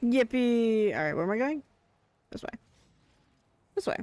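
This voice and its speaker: A streamer giving casual, excitable commentary while playing, chattering along and repeating a favourite name again and again. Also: mid-range voice, measured pace, no echo.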